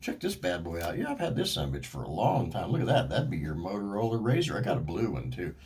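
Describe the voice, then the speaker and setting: A middle-aged man talks straight at the camera in a loose, rambling rant. His voice sits a little low, and his tone is sarcastic and cranky, with frequent swearing. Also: sing-song, fast, darkish tone. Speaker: vlogger. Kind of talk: casual ranting monologue.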